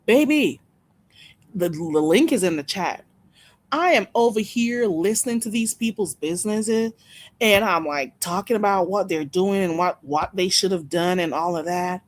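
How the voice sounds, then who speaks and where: A woman's voice: lowish voice, moderate pace. A woman hosting a casual live stream, chatting with her viewers, gossiping and laughing often.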